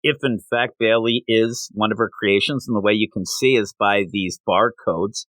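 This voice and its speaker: Guy rambling through a comic recap on a podcast, dry close mic, gets animated and does little voices. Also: lowish voice, moderate pace, no echo. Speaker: comic review podcast host. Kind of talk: casual comic book review chat.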